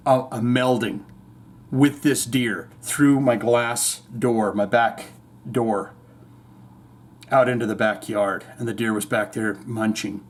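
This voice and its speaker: A man's voice: medium pitch, steady tone, slow pace. A man hosting a podcast, giving rambling, irreverent, profanity-laced commentary on the news. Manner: rambling, irreverent, swears freely. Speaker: podcast host.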